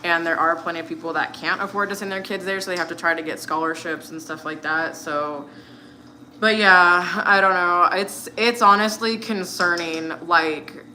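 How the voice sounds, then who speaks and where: A woman's voice: on the low side, steady tone, normal speed, sharp tone, slight background noise. An American woman in her thirties, chatting casually while cooking, rambling with lots of fillers. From United States. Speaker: vlogger.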